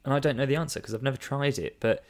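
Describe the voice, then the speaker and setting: A man's voice: medium pitch, racing. Laughing man reviewing films. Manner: reads reviews aloud with mock emphasis, laughs often. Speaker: podcast co-host. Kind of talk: casual film review chat.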